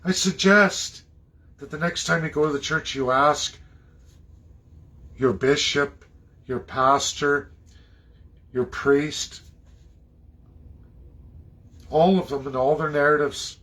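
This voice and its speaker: A man from Canada delivering an impassioned, preachy monologue, swinging between loud outbursts and low muttering. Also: fairly even intonation, slow pace, long pauses. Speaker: political commentator.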